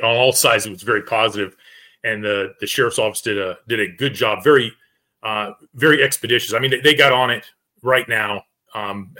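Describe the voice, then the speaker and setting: A man who worked in law enforcement, talking on a panel show and telling a story with lively acted-out quotes. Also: on the low side. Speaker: retired police officer panelist. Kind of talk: casual roundtable discussion.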